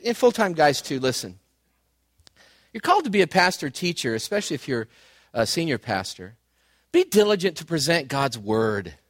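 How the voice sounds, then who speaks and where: A man pastor preaching a sermon, telling stories in an animated, excitable way and calling his listeners "man". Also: sits high, no echo. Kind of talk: sermon with storytelling.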